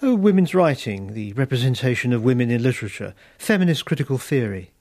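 A man's voice: medium pitch, sing-song, fast talker, darkish tone, dry recording, studio quality. A man voicing a prim young woman who lectures in English, lifting his voice a little. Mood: stiff.

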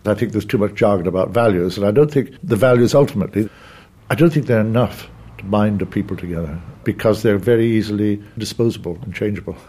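A male cardinal giving deliberate, thoughtful answers in an interview. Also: on the low side, mellow. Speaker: cardinal, church leader.

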